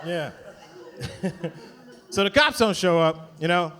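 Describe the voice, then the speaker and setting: A man's voice: sits high, slow pace. A man doing a stand-up comedy set in a club, telling a story and acting out the people in it. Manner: animated storytelling with acted-out voices. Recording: live crowd laughter.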